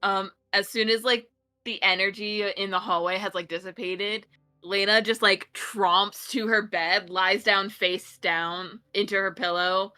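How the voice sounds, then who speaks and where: A woman's voice: mid-range voice, steady tone, measured pace, pushed and bright, clear, resonant tone, soft background music. A woman playing a tabletop game, describing her character's actions with many fillers and giggles. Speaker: player. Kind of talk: casual game narration.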